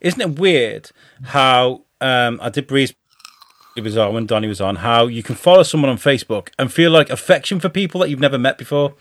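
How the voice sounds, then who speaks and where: A man's voice: medium pitch, expressive, a little fast, fairly bright tone, no room sound. A man, chatting loosely on a podcast, swearing and laughing as he rambles. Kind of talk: casual podcast chat.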